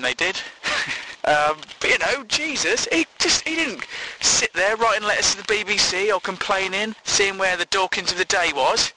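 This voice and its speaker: High-voiced sarcastic man ranting. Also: sharp tone, a little hiss or hum, low-quality recording. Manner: sarcastic, swearing. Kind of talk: comic rant.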